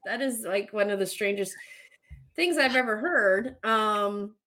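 A woman's voice: medium pitch, unhurried, bright, forceful tone. A woman hosting a casual chat, talking candidly and swearing now and then as she runs through what she looked up. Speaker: host.

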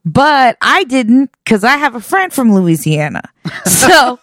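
A woman co-hosting a podcast in casual chat, animated and laughing often as she tells stories. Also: on the high side, takes it slowly, dry recording. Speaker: podcast co-host.

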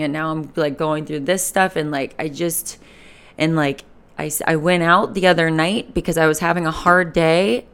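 A woman's voice: low voice, clear, resonant tone. A young woman in her twenties talking candidly in a personal vlog, rambling and emotional, swearing freely. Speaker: vlogger. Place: Fort Lauderdale, Florida. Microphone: camera mic.

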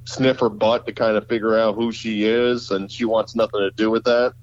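A man from Pennsylvania co-hosts a relaxed podcast chat. He rambles and hesitates, filling gaps with ums and uhs. The audio is slightly dull and lo-fi. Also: on the low side, normal speed. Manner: rambling, hesitant with many fillers. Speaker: podcast co-host. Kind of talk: casual chat.

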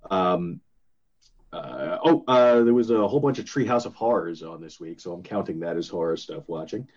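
Rambling husky man, lo-fi audio. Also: deep voice, expressive, moderate pace, darkish tone. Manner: rambling, hesitant, many fillers. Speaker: co-host. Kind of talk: casual podcast chat.

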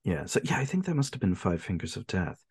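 A man's voice: deep voice, fast talker, breathy edge, dry recording. A man co-hosting a film podcast in casual chat, chuckling often and retelling scenes. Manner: chuckling, retells scenes with animated quoted lines.

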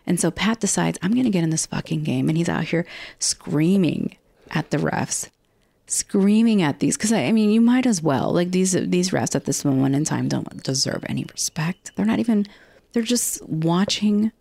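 A woman's voice: on the low side, lively intonation, moderate pace, creaky, warm tone, no echo. A woman hosting a casual podcast recap, chatty and rambling, with frequent restarts and casual swearing. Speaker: podcast host recapping a TV episode. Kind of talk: casual chat.

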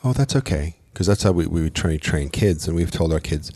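A man's voice: a bass voice, fairly even intonation, fairly quick, darkish tone, breathy edge, dry recording. A man co-hosting a parenting podcast, talking reflectively and joking, with frequent restarts. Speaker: podcast co-host. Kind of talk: casual podcast chat.

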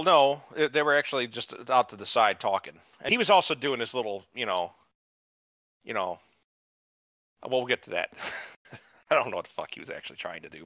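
A man with a lively, bright voice tells a story loosely, swearing freely and slipping into little character voices mid-sentence. His tone jumps around a lot, and the sound is dry and a bit dull, like a muffled home mic. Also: mid-range voice, no echo. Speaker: podcast co-host. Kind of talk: casual profane recap chat.

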